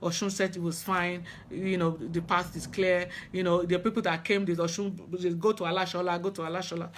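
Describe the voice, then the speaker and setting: This woman's voice is on the low side with little pitch movement, and there's slight background noise. Earnest and middle-aged, she's a spiritual practitioner with Yoruba as her first language, telling a personal story in a halting way with many restarts.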